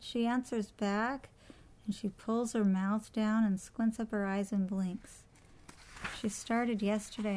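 A woman's voice: mid-range voice, dark tone, close to an everyday voice, rough recording. A woman reading a storybook aloud, voicing a proper, worried mother who scolds in a prim way.

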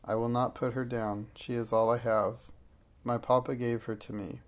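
A man voicing a grieving little girl who speaks with quiet, cold steadiness. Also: mid-range voice, little pitch movement, moderate pace, lightly acted. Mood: steady.

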